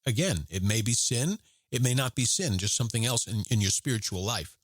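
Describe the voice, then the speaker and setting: A former Marine hosts a Catholic podcast, telling a personal story and driving his point home by repeating it. His voice sits at an ordinary middle pitch. The close-miked recording is dry, with no room echo. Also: expressive, fairly quick. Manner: earnest, repetitive, preacherly emphasis.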